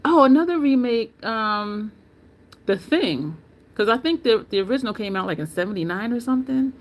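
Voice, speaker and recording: A woman hosting a beauty channel livestream, talking in a loose, opinionated, rambling way and answering viewer comments. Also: fairly high pitch. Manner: loose, rambling, with frequent ums and restarts. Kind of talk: casual livestream chat.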